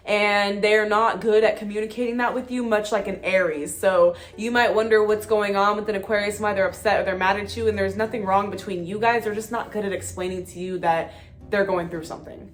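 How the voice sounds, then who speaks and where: Excitable slangy young woman vlogger. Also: medium pitch. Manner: excitable, slangy and profane, with frequent "like" fillers. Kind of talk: casual chat to camera. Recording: faint music behind.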